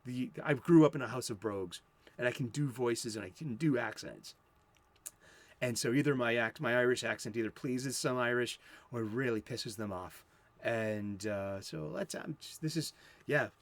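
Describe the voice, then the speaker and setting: A man's voice: medium pitch, moderate pace. Rambling American man hosting comics chat. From United States. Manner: rambling, profane, self-interrupting. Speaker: comic book show host.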